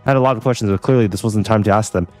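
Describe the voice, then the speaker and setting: Male game reader, rapid plain narration, low register. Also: a little mellow, faint music behind. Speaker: visual novel reader. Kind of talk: reading a game story aloud.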